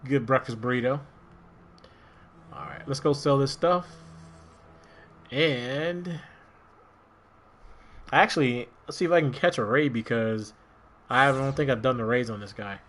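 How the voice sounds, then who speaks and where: Male streamer from Maryland, relaxed rambling play-by-play. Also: medium pitch, unhurried, long pauses, slight background noise. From Maryland, USA. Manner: rambling, relaxed, talks to himself while playing. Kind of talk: casual gameplay commentary.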